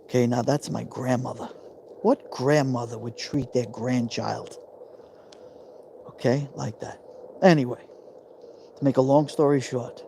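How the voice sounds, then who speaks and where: A man's voice: medium pitch, fairly even intonation, unhurried, creaky, long pauses, mellow, a little hiss or hum. A man, telling a personal story on a live stream in an emotional, confiding way, repeating himself for emphasis. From New York. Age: 50s.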